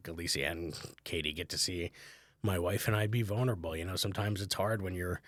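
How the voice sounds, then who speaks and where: Deep-voiced man chatting casually. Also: fairly bright tone, no echo, clean studio sound. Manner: rambling, conversational, many fillers. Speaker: podcast host, comedian. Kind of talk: casual solo podcast talk.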